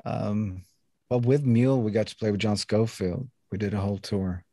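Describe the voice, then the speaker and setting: A man in his fifties with a mild Swedish accent chats easily as an interview guest, unhurried and casual, now and then swearing. His voice sits low and dark with a mellow tone. The recording is close and dry. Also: dry recording. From Sweden. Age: 50s. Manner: laid-back, relaxed, with casual swearing. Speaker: guest musician.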